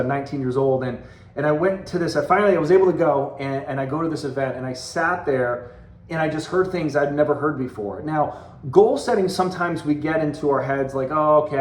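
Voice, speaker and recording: A man in his forties delivers a motivational talk to his sales team, earnest and conversational, driving points home by repeating them. His voice sits a little on the high side. The sound carries a noticeable roomy echo. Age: 40s. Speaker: direct sales team leader and coach.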